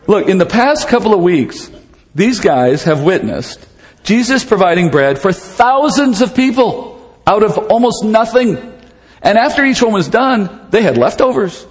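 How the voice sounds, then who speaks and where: A man teaching through a Bible passage in a conversational, animated way, acting out the dialogue with humor. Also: high-pitched, measured pace, in a large hall.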